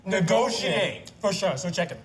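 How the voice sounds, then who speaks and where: A swaggering young man bragging to his buddy in a comedy film. His slangy talk runs high in pitch, with soft music underneath. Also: lively intonation, normal speed.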